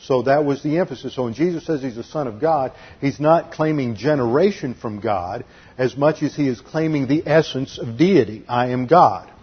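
A man's voice: mid-range voice, normal speed, husky, dull audio. A man teaching a methodical expository sermon, listing numbered points and spelling out words. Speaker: Bible teacher.

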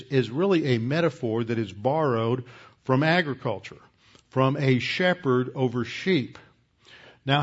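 A man teaching a lecture on scripture in a measured, explanatory way, stopping now and then to correct himself. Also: medium pitch, slightly rough, dull audio. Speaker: Bible teacher.

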